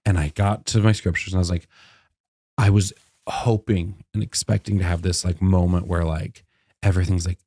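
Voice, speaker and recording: A man's voice: fairly quick, slightly rough, no room sound. Chatty man telling a story, dry sound. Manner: animated, many "like" fillers, acts out quotes in a high voice. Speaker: guest comedian. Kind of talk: casual podcast storytelling.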